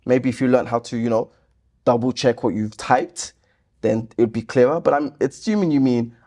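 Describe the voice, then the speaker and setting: A man hosting his channel, reading viewer comments aloud and answering them with sarcastic exasperation. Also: normal speed. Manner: exasperated, sarcastic, lively pitch jumps. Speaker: YouTube host reacting to comments.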